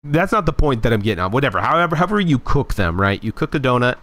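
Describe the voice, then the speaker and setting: A young man streams from his setup and chats casually about food. His pitch swings widely, and his tone is animated and opinionated. He often restarts his sentences as he rambles. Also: quick pace, dry recording. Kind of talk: casual live-stream chat.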